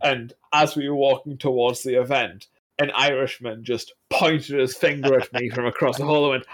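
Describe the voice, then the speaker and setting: A man chatting on a podcast, telling animated, laugh-filled anecdotes with some swearing. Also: mid-range voice, moderate pace. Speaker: podcast guest. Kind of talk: casual podcast chat.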